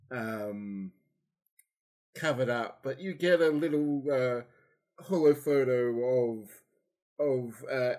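Man tabletop player, slow, hesitant, lots of ums, medium pitch. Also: darkish tone. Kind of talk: casual tabletop roleplay.

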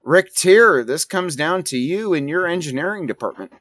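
A man running a tabletop game as game master, narrating scenes and calling for dice rolls. He rambles and pauses to find his words, and the sound is dry and close to the mic. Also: on the high side, lively intonation, a bit bright, no echo. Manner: rambling, many fillers.

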